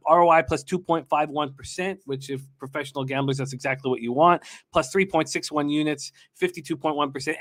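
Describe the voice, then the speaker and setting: A man hosting a live sports betting show, rattling off betting lines quickly and hyping up his guests. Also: on the high side. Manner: rapid-fire reading of betting lines.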